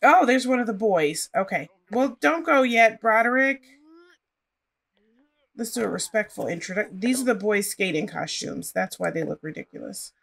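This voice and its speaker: A woman's voice: mid-range voice, lively intonation, normal speed, vocal fry, a bit bright. A woman casually commenting on her life-simulation gameplay and chatting to her characters as she plays. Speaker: gaming channel host.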